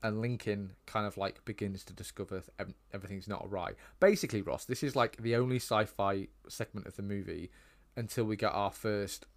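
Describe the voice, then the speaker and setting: A podcast co-host from Britain chats loosely about films, wandering off on tangents with frequent ums and likes. His voice is fairly low and steady in tone, and his delivery is fairly quick.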